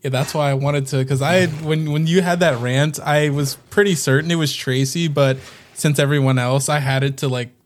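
A man's voice: fairly high pitch, steady tone, moderate pace. A man competing in a casual quiz chat, unsure and rambling. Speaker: quiz contestant. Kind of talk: casual podcast game chat.

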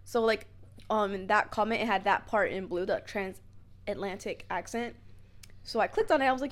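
A woman's voice: medium pitch, moderate pace. A young woman co-hosting a podcast in casual chat, telling stories full of "like" fillers. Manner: chatty, lots of "like" fillers, animated storytelling. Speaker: podcast co-host.

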